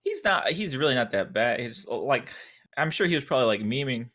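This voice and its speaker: A young man with a middle-pitched voice tells a relaxed story on a podcast. He quotes people in a lifted voice, and the chat stays easygoing. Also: fairly quick.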